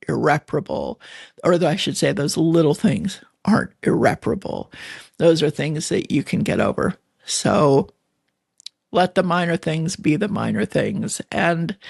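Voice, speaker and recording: A woman's voice: low-pitched, vocal fry, darkish tone, no echo, studio quality. A middle-aged woman hosting a podcast, chatting in a folksy, rambling way and laughing often. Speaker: podcast host. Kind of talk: casual rambling monologue.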